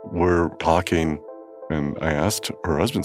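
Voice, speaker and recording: A tattoo practitioner telling a personal story in a calm, measured way. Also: male voice, a bass voice, over music.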